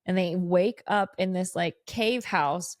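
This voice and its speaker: A woman's voice: fairly low pitch, slow, no room sound, clean studio sound. A woman co-hosting a podcast, eagerly recapping a film in an unscripted review chat. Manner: gushing, animated recapping of plot. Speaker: podcast co-host.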